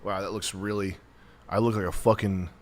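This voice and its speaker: A man in his forties, congested, rambling through deadpan jokes while chatting casually on a livestream. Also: low voice, normal speed. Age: 40s. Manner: rambling, deadpan jokey banter. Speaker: streamer.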